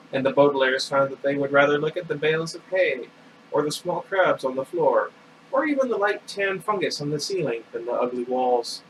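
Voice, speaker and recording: A man casually reading a novel aloud, adding asides and correcting his own slips. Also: medium pitch. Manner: reads with asides and self-corrections. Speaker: reader of a novel. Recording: distant mic with air conditioner hum.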